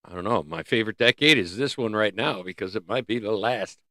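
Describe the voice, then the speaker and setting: A man hosting a casual livestream, rambling and joking as he thinks out loud. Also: on the low side, fairly quick, dry recording, studio quality. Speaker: livestream host.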